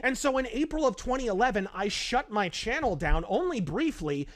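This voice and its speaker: A man's voice: very high-pitched, big pitch swings, moderate pace. A man delivering scripted, sardonic commentary with wordy, theatrical phrasing. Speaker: online commentator in a played video.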